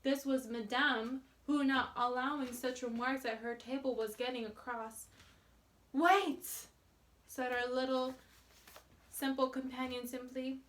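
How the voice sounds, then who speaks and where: A woman reading a novel aloud in a measured, plain storytelling manner. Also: high-pitched, level tone, distant mic. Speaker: reader.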